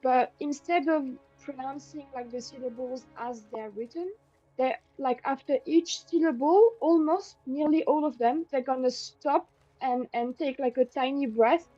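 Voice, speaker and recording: A woman with a French accent and French as her first language, tutoring casually and pausing to search for words. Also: sits high, mellow, dry recording, lo-fi sound, faint music behind. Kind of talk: casual explaining.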